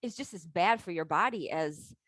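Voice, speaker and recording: A woman's voice: lowish voice, animated, normal speed, no room sound. A woman hosting an interview, encouraging her guest and asking long, winding questions. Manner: warm and encouraging, asks long rambling questions. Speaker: host.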